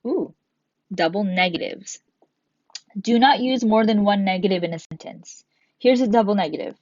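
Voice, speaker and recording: A woman's voice: mid-range voice, normal speed, pauses often, darkish tone, dry recording. A woman teacher giving a recorded grammar lesson, patiently explaining step by step and reading examples aloud. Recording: dull, dry lo-fi sound.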